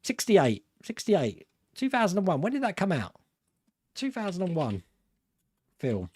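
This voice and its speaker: With a high, slightly rough, darkish voice whose pitch swoops wildly, a middle-aged British man takes his time going through viewer comments on his live stream. He rambles, laughs frequently and makes fun of himself. No room sound is audible.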